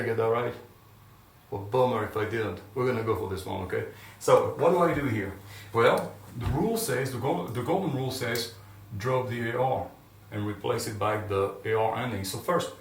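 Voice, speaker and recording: A man's voice: lowish voice, creaky. Upbeat male teacher in an echoey classroom. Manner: upbeat, encouraging, talks to unseen students. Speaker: Spanish teacher. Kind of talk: classroom lesson to camera. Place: classroom with whiteboard. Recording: echoey room, mic far off, faint room noise.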